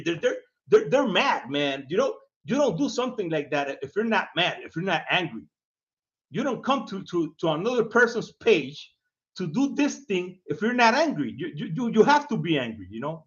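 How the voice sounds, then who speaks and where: High-voiced, animated man taunting on camera. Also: highs cut off. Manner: taunting, laughs often, repeats himself, says man a lot. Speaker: video host. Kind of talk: casual mocking rant to camera.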